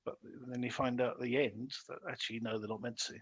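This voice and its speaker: A man hosting a casual podcast chat about films, animated and full of fillers, acting out lines he quotes. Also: medium pitch, fast, husky, highs cut off. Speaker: podcast host. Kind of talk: casual film review chat.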